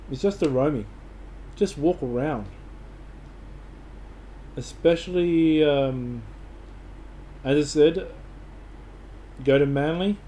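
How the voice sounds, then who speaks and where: A man's voice: on the high side, warm tone, slight background noise. An Australian man giving casual travel advice to camera, rambling and enthusiastic, with lots of fillers and restarts.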